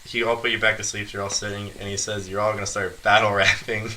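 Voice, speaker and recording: Young man, bright voice, casual laughing storyteller, faint noise underneath. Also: on the low side, level tone, fast. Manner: laughing often while telling a story. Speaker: podcast guest storyteller. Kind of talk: casual chat.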